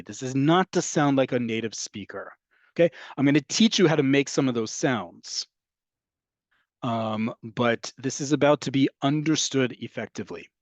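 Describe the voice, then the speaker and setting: A man's voice: mid-range voice, dry recording. A man teaching an online class, explaining steadily and often checking in with "right?" and "okay?". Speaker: Hebrew teacher.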